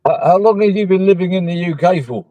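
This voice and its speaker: A man's voice: high-pitched, fast, mellow, dull audio, slight background noise. A man chatting casually in a blunt, joking way. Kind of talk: casual chat.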